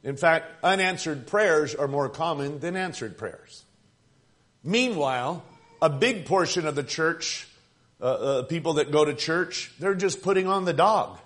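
Male preacher, slightly high-pitched, talks to the congregation plainly and punches key lines hard. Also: animated, a little slow, fairly bright tone. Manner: emphatic, conversational preaching with rising and falling intensity. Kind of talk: sermon.

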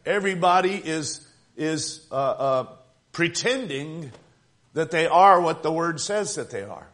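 A man preaching a sermon in a conversational yet emphatic way, building up to forceful points and dropping to quiet asides. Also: fairly high pitch, expressive, unhurried. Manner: emphatic, conversational preaching with rising and falling intensity.

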